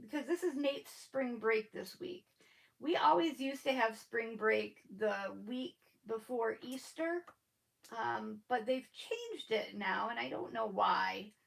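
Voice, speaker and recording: A woman's voice: sits high, creaky, a bit bright, rough recording. A woman with a noticeable lisp hosting a live stream, chatting casually and rambling with her viewers, laughing often.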